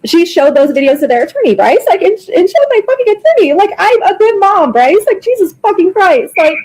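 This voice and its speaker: A woman's voice: very high-pitched, very animated, fairly quick, darkish tone, poor audio. A distraught woman talking casually in a private conversation, emotional and swearing, with exclamations. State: upset and distraught. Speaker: widow in a recorded private call.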